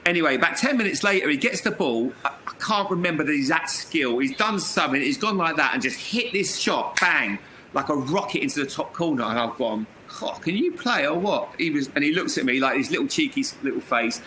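A man, a former footballer, telling lively anecdotes as an interview guest, laughing and acting out quotes. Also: on the high side, brisk, slight background noise, poor audio. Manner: lively, laughs mid-story, acts out quotes.

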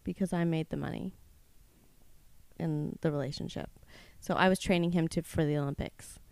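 A woman's voice: sits low, moderate pace, gravelly, no echo. A woman comedian in her thirties, chatting casually on a podcast and telling stories with lots of laughter. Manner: animated storyteller, laughs often. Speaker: guest comedian.

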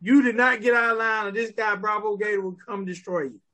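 High bright-voiced male host, excitable and teasing. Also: fairly quick. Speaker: podcast host. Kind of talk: casual podcast interview.

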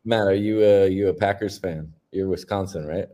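A laid-back man co-hosts a casual podcast and tells funny stories with an easy, joking manner. His voice is very deep and dark, mellow in tone. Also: moderate pace. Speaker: podcast co-host.

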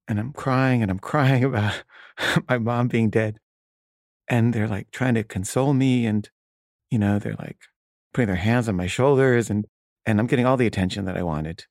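A man's voice: on the low side, normal speed, darkish tone, no room sound, studio quality. A man casually telling a personal story, wry and loose, with frequent filler words.

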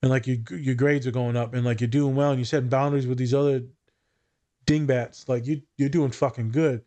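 A man's voice: medium pitch, fairly even intonation, brisk, dark tone. Male therapist-host, frank and foul-mouthed, loose joking delivery. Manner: blunt, profane and joking. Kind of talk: casual podcast chat.

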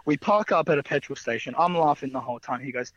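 A man's voice: fairly high pitch, animated, fast talker, fairly bright tone, no echo. Rambling young man, dull dry sound. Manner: rambling, laughs often, many fillers. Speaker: wrestler guest. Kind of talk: casual anecdotal storytelling.

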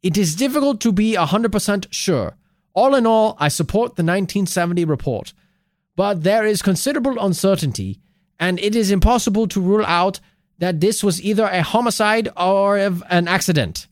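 A man plays a hesitant Norwegian chemist in a put-on accent, drawn out and uncertain. The voice sits a little high and the sound is close and dry with no room around it. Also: moderate pace, no room sound, close to an everyday voice. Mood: measured, doubtful. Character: stiff male Norwegian chemist quoted in interview.

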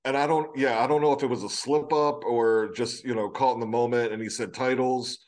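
A man's voice: medium pitch, fairly even intonation, fairly quick, darkish tone. A man talking casually about wrestling, thinking aloud with hesitant fillers. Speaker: podcast co-host.

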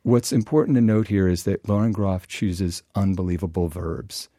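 A man's voice: deep voice, fairly even intonation, normal speed, warm tone, dry recording, studio quality. A man guesting on a radio show, talking enthusiastically about books and reading passages of prose aloud. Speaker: guest book critic. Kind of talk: radio interview, book talk.

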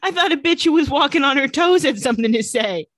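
Woman, bright voice, dry close sound, casual recap chat, acted-out quotes. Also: high voice, fast, no room sound. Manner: animated retelling with acted-out quotes. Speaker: podcast co-host recapping a TV episode.

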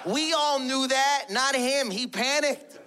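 A male stand-up comedian tells crude, animated stories about his family. His voice sits very high and sounds bright and sharp, and faint noise runs underneath. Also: slow.

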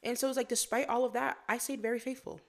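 A young woman from Florida chatting as a podcast guest. She talks in a lively, animated way and slips into acted-out quotes as she tells her stories. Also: fairly high pitch, fast talker, gravelly. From Florida, USA. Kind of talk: casual interview chat.

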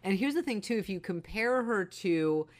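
A woman's voice: medium pitch, expressive, normal speed. A woman co-hosting a podcast, giving her opinions on a movie in casual chat, with many fillers and restarts. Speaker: podcast co-host.

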